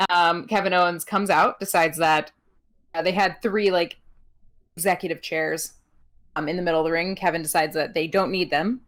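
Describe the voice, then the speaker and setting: In a casual chat about wrestling, a young woman co-hosting a podcast giggles and says um a lot, using animated voices whenever she quotes someone. She speaks at normal speed, her voice on the low side.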